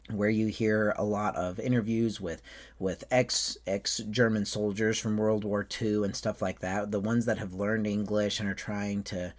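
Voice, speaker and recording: A man who performs at a Renaissance faire, explaining how he does accents in a casual way. He speaks English with a put-on German accent over a slight Southern and Western American one, and his voice jumps up high when he shows off his flamboyant character. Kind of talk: casual talk on accent technique.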